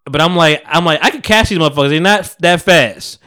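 A man's voice: on the high side, quick pace, bright, forceful tone, clear, resonant tone. Laughing, rambling male podcast co-host. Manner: rambling, laughs often, acts out quotes. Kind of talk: casual chat, storytelling.

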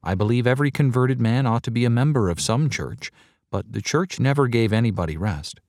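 A man preaching a sermon to a large crowd, earnest and measured, driving points home with slow, emphatic repetition. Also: mid-range voice, animated, darkish tone, no echo, studio quality. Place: large hall before a crowd.

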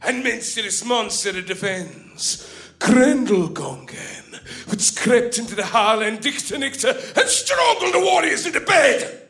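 A man performing a boisterous story beast who retells an epic live in broken English, swearing and shouting sound effects. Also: extremely high pitch, very animated, a little slow, gravelly, full character voice. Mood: rowdy. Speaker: comedy performer.

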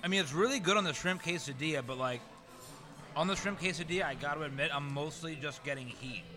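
A man's voice: fairly high pitch, quick pace, a crowd in the background. A man co-hosting a podcast, rambling and repeating his words as he chats about hot sauce. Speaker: podcast co-host and editor. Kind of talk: casual chat.

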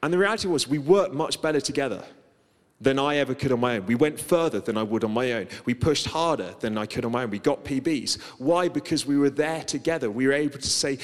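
A man's voice: mid-range voice, lively intonation, fast talker. Guy preaching, chatty and self-deprecating, big echoey hall. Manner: conversational, self-deprecating storytelling. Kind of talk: sermon. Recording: long reverb of a large hall.

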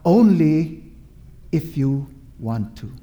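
A man's voice: fairly high pitch, animated, slow, dark tone, lo-fi sound. A man preaching a sermon, emphatic and repetitive, drawing out his words and asking the listeners questions.

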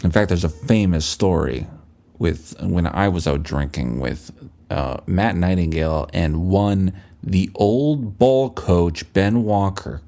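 A man's voice: low voice, slow, warm tone. A young man hosting a podcast, telling rambling, profane, self-mocking stories in a casual solo monologue. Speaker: podcast host.

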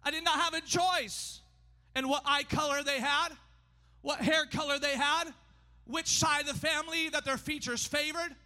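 A high-pitched man preaching in a church sanctuary, his voice ringing through a long hall reverb. His tone is bright and piercing, and he preaches emphatically, rising to shouts and slowing down for weight. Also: steady tone. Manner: emphatic, often shouting, pace swinging fast and slow. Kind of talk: sermon.

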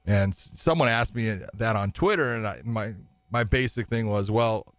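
A fight referee, appearing as an interview guest, rambles through long anecdotes, laughing often and acting out what other people said. His voice is lowish and fairly bright, at a moderate pace, with no echo.

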